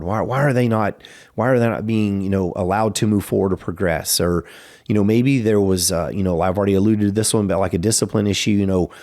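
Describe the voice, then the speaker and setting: A man who runs a martial arts school, talking casually in a podcast interview and telling stories with plenty of "you know" fillers. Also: a little mellow. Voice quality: gravelly, creaky low voice.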